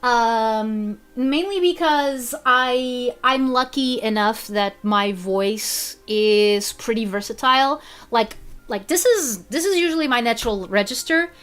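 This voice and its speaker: Woman, casual stream chat, animated, restarts a lot, higher-pitched voice. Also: slow pace, clean tone. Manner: chatty, animated, restarts often.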